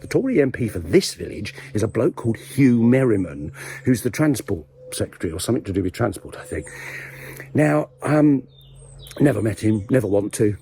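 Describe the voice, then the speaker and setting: A man's voice: fairly low pitch, big pitch swings, normal speed, dark tone, a little hiss or hum. A man hosting his own video blog, rambling through a satirical, mock-serious monologue with playful asides, outdoors in a village graveyard. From England. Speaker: video blogger host.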